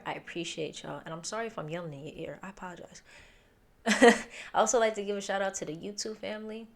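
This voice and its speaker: A woman's voice: fairly low pitch, fairly even intonation, quick pace. A woman hosting a music reaction video, talking casually and directly to her viewers, with occasional swearing. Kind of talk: casual chat, reacting to an album. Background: faint music from the album.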